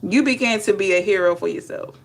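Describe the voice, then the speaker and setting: A woman talks her viewers through a tarot spread in a loose, chatty way. She stays animated throughout and keeps breaking off for asides to the chat. Her voice sits at an ordinary middle pitch. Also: fairly quick. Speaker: tarot reader. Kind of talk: casual tarot reading to viewers.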